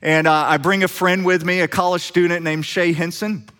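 A middle-aged man preaching, telling a personal story with lively acted-out dialogue. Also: high-pitched, moderate pace, clear, resonant tone. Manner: animated storyteller acting out quoted dialogue. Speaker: pastor. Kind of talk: sermon storytelling.

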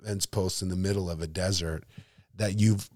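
Deep-voiced earnest pastor, dry sound. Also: male voice, steady tone, moderate pace, a little mellow, no echo. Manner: earnest and thankful, with many restarts. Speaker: pastor and podcast host. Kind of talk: casual podcast chat and closing prayer.

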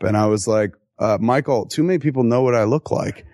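A man answering audience questions at a live Q&A, telling stories in an animated, profane way with quick asides and acted-out quotes. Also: fairly low pitch, dry recording, studio quality. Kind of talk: live Q&A storytelling.

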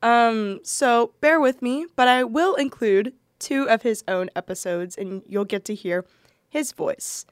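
A woman's voice: a little high, measured pace, no room sound, studio quality. A woman hosting a podcast, talking casually and introducing the segment with frequent ums. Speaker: podcast host.

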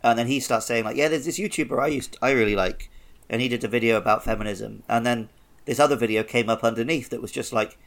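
A man co-hosting a podcast, chatting casually and telling animated stories with quoted voices. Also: mid-range voice, fast, creaky. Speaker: podcast co-host. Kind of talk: casual chat.

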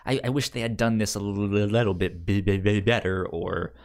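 A man co-hosting a podcast in casual chat, often stammering and restarting words, and acting out quotes in a loud raised voice. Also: lowish voice, fairly even intonation, normal speed, vocal fry. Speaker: podcast co-host.

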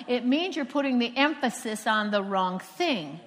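A fairly high-pitched woman preacher, originally from Florida, delivers a sermon in a storytelling way, leaning on emphatic, dramatic pauses. Her voice rings out with a long reverb, as if recorded in a large hall. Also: animated. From Florida, USA.

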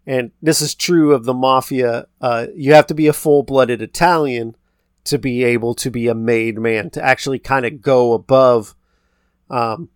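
A medium-pitched man co-hosting a podcast loosely retells a film's plot in a rambling, casual movie-recap chat, quoting the characters' lines as he recounts scenes. The recording is dry and studio quality.

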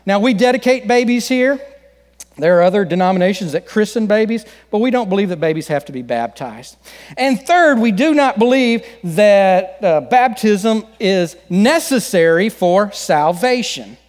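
A man's voice: high-pitched, lively intonation, moderate pace, in a large hall. A man preaching a sermon as pastor, folksy and joking with the congregation. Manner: folksy joke-telling.

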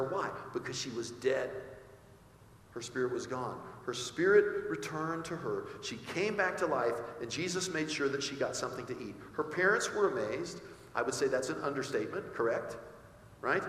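A man's voice: medium pitch, a bit bright, slight background noise. A male pastor preaching a sermon, often asking his congregation rhetorical questions. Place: church sanctuary. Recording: echoey hall with faint ambience.

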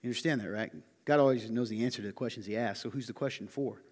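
A male pastor preaching a sermon in an animated way, often putting questions to his listeners. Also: medium pitch, fast talker, breathy edge, long reverb tail. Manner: animated, asks the audience questions.

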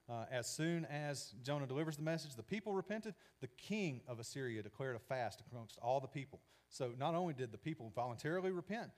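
A man's voice: medium pitch, darkish tone. A man preaching a sermon in a conversational, emphatic way. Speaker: pastor.

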